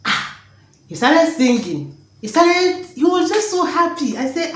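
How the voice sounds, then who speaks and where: A woman talks straight to her camera at home, overflowing with joy and circling back over the same words. Her voice sits at an everyday middle pitch. The room around her rings with a clear echo. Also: big pitch swings, normal speed. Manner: joyful and emotional, repeats phrases. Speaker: vlogger. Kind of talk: emotional personal vlog. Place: home, indoors.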